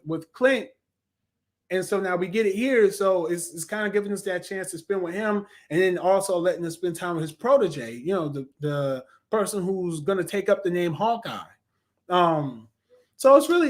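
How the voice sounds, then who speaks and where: A man co-hosting a podcast, chatting casually in a review, rambling with many fillers and self-corrections, and speaking to listeners in a laid-back way. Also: high-pitched. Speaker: podcast co-host reviewing a TV series.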